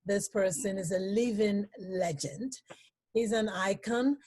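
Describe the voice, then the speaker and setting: A woman hosting an interview, halting and emotional, with many pauses and fillers. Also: mid-range voice, a little mellow, breathy edge. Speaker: talk show host.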